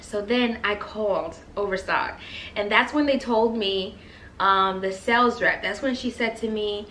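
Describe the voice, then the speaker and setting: Woman vlogger, casual gushing chatter to viewers, mid pitch, echoey room with faint background hum. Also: unhurried, a bit bright. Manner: chatty, gushing, addresses viewers as you guys. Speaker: lifestyle vlogger. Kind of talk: casual chat to camera. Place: bedroom at home. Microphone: camera on the floor at eye level.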